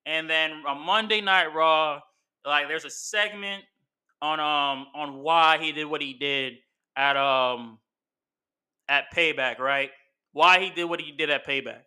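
A man's voice: fairly high pitch, measured pace, bright, forceful tone, clean tone. A man hosting casual commentary, rambling through his ideas with lots of fillers and restarts. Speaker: wrestling commentary host.

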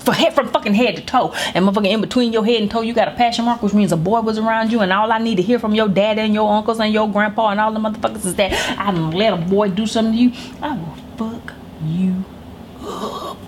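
A woman's voice: medium pitch, steady tone, very fast, few pauses, a little hiss or hum. A middle-aged woman hosting a podcast, telling a comedic story in a blunt, emphatic and heavily profane way. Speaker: podcast host. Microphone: studio microphone.

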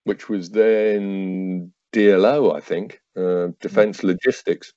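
A man's voice: deep voice, steady tone, takes it slowly, dark tone, no room sound, lo-fi sound. A man in his fifties telling stories as an interview guest, acting out the dialogue with many fillers and restarts. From United Kingdom. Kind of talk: anecdotal storytelling.

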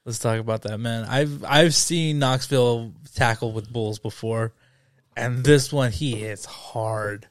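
A man's voice: medium pitch, unhurried, no echo, studio quality. A man co-hosting a podcast in casual chat, laid-back, swearing and laughing along. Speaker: podcast co-host.

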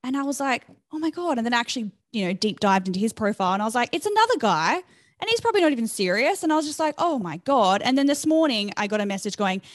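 A woman's voice: on the high side, quick pace, hardly any pauses, dry recording. Chatty woman podcast host. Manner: chatty, animated storytelling with lots of fillers. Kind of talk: casual chat.

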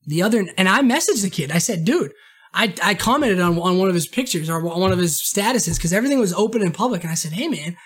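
A man from Maine, hosting a podcast in a casual monologue, rambling and animated, swearing, and acting out quoted remarks in a raised voice. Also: high voice, quick pace, slightly rough. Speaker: podcast host.

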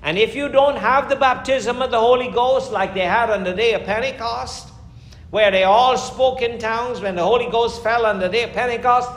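A man preaching a fervent sermon as pastor, emphatic, with sudden rises and slowed, stressed lines. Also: very high voice, a bit bright. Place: church. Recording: echoey church room.

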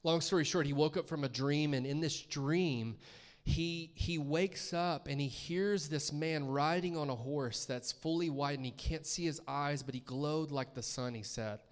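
A man's voice: a little high, a little slow. A man preaching a sermon as a guest speaker in a church, talking conversationally and asking the congregation questions.

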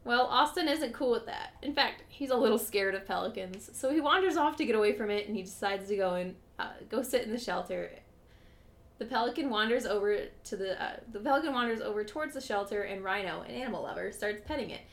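A woman's voice: mid-range voice, expressive, fast talker. A woman co-hosting a podcast who reads her recap notes aloud in a casual way, laughing often and swearing lightly. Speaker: podcast co-host.

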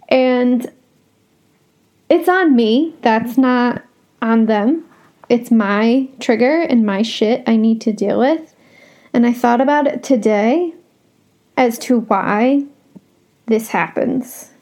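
A woman's voice: on the high side, mellow. A young woman hosting a solo podcast, talking casually and bluntly, swearing freely as she vents. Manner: blunt, frank and swears a lot. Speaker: podcast host.

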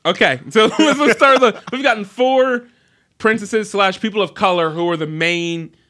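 Young male host for a loose entertainment chat show; bright, lively delivery full of jokes. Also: high-pitched, moderate pace. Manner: joking, animated storyteller who mimics voices. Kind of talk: casual podcast chat.

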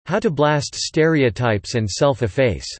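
A man narrating a satirical guide in a dry, sarcastic, deadpan way, also playing a surveyor on one-sided phone calls. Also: medium pitch, unhurried, no echo.

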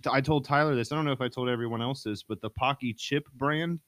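A man's voice: medium pitch, quick pace, a bit bright, no echo. A man hosting a casual podcast, chatting loosely and often restarting his sentences. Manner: loose, rambling with frequent restarts. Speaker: podcast host.

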